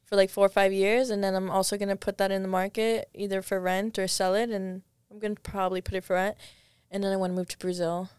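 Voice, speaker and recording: A woman's voice: medium pitch, flat delivery, quick pace, darkish tone, clear, resonant tone, dry recording, clean studio sound. A young woman, a podcast guest, telling stories in a rambling casual chat, full of restarts. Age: young adult.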